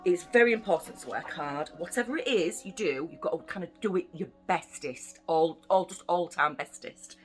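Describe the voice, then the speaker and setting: A woman's voice: lowish voice, moderate pace, hardly any pauses, soft background music. A young woman from the UK reading a children's bedtime story aloud, with chatty, playful asides to the listening children. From United Kingdom.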